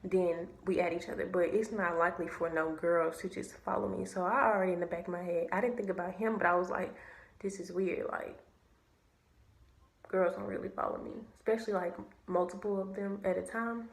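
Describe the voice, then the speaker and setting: A young woman telling a story to camera, animated and slangy, swearing freely. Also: fairly low pitch, fairly quick, vocal fry. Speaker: vlogger. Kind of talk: casual storytime. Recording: echoey room.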